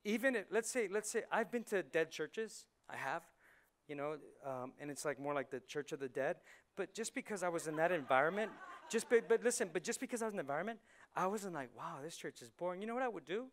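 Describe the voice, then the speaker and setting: A man preaching a lively sermon in a church, dropping to near whispers and rising to excited shouts, often acting out quick voices. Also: high-pitched. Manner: animated, swings from hushed to shouting, acts out voices. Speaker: pastor. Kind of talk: energetic sermon. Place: church hall.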